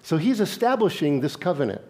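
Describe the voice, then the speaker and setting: A man's voice: a little high, sing-song, brisk, darkish tone. A male pastor preaching a sermon in a conversational way, reading scripture and putting questions to his congregation.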